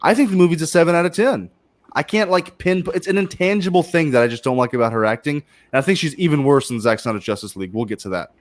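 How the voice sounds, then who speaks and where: A man's voice: on the high side, quick pace, dry recording. A man on a casual livestream panel, giving blunt, exaggerated opinions and stumbling over his words. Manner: blunt, hyperbolic, stumbles and restarts. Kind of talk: casual chat.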